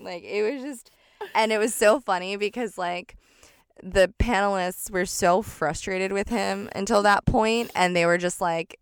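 A woman in casual conversation, chatty and animated, laughing often and leaning on fillers. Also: mid-range voice, slow pace, smooth, no room sound, clean studio sound. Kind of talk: casual chat reviewing a show.

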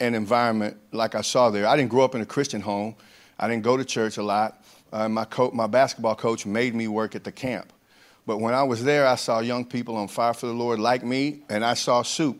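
A man telling his personal testimony in an earnest, conversational way. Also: medium pitch. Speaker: guest giving a testimony.

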